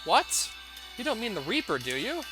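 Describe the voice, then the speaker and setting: A man voicing a jumpy, alarmed young soldier, pitched up and loud. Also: wildly swooping pitch, normal speed, over music.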